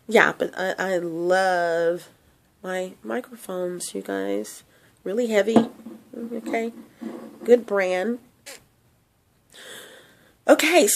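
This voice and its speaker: A woman's voice: medium pitch, takes it slowly, creaky, pauses often. A woman host speaks through a stuffy, sniffly nose. She rambles in a loose vlog chat, restarting sentences and filling gaps with fillers, close to a handheld microphone. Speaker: channel host selling a hair product. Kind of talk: casual product vlog.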